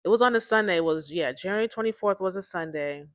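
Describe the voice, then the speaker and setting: A woman's voice: on the low side, fast, dry recording, studio quality. A woman hosting her own series, telling a personal story in a casual, rambling way, repeating herself and talking to listeners as "y'all.".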